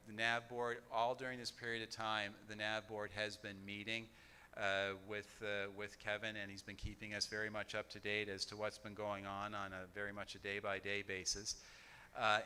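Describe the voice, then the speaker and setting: A man chairing a church business meeting, speaking haltingly with many fillers and restarts. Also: on the low side, pushed and bright, smooth.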